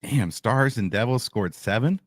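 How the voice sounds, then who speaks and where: A man's voice: medium pitch, animated, unhurried, no room sound, studio quality. A man co-hosting a casual sports betting chat in a laid-back, dryly teasing way. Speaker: sports betting show co-host.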